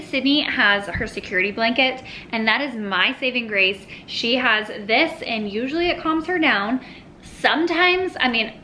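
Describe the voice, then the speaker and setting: A woman's voice: fairly high pitch, sharp tone, slight background noise, low-quality recording. A mother talking casually to the camera at home about parenting, chatty and full of little asides. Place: at home with her toddler nearby.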